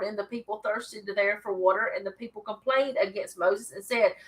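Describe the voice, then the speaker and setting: A woman's voice: mid-range voice, fairly even intonation, moderate pace, few pauses, fairly bright tone, low-quality recording. A woman hosting a casual Bible study, reading scripture aloud and then talking it over with chatty asides.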